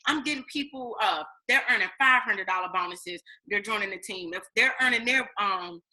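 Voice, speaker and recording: A woman in her thirties casually telling her story to viewers, lively and chatty, acting out her own past reactions. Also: medium pitch, normal speed, rough recording. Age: 30s. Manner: animated storytelling, acts out her past self, addresses viewers as y'all. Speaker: network marketing distributor. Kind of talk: casual testimonial vlog.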